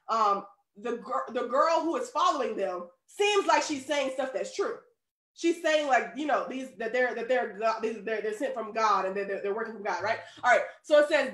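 Animated woman preaching in an echoey church. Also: on the high side. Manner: lively, conversational preaching with rising emphasis. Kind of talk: sermon.

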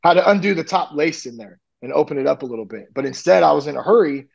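A man talking candidly as a podcast guest, rambling with lots of fillers and lively retellings. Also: fairly high pitch, quick pace, creaky, muffled recording. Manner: rambling, frequent "like" and "you know", animated retellings. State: nearly ten years sober. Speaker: podcast guest, recovery coach. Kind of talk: candid conversational storytelling.

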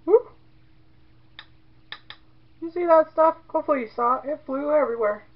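A woman's voice: high-pitched, normal speed, highs cut off, slight background noise. A woman in her forties chatting casually as she demonstrates soap making, rambling into joking asides. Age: 40s.

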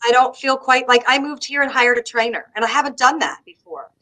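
A middle-aged woman from the United States with a Southern American accent, telling lively stories as a guest and laughing often. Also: high voice, a little fast, rough recording. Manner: animated storyteller, laughs often. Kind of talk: casual conversation on a live stream.

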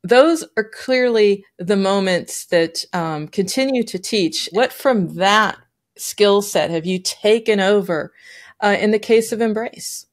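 A woman's voice: mid-range voice, takes it slowly. A woman interviewing a game company executive in a friendly, conversational way. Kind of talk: interview questions.

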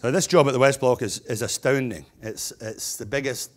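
A middle-aged stonemason and business owner gives a keynote speech packed with humorous anecdotes and chatty restarts. His voice is medium-pitched and fairly quick.

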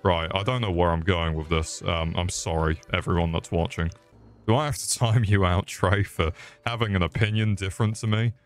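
A low-voiced British man streaming a game and ranting at it in casual commentary. He swears constantly and gets crude and mock-angry. His voice sits deep and gruff. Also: fairly even intonation, normal speed.

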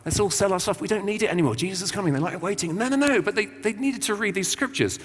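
A man's voice: high-pitched, expressive, fast talker. A man from England giving an informal, chatty sermon, full of slang and acted-out quotes. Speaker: visiting preacher. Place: church. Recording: long church reverb.

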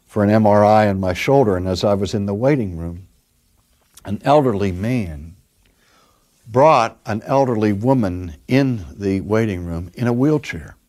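An older man, a pastor, preaching a sermon and telling stories, dropping his voice soft and then pushing it strong for emphasis. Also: mid-range voice. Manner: storytelling, varies loudness from soft to emphatic.

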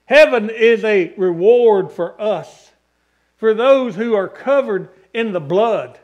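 A man's voice: high voice, expressive, slow, muffled recording. A man, a pastor preaching a sermon in church, building emphatic lists and calling for amens. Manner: emphatic preaching with long repeated lists and calls for amen. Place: church sanctuary.

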